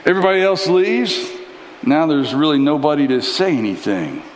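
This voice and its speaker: Man, sermon, animated storytelling, slightly high voice, reverberant hall. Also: moderate pace, slight background noise. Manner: animated storytelling, acting out Bible characters. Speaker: pastor. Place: church hall.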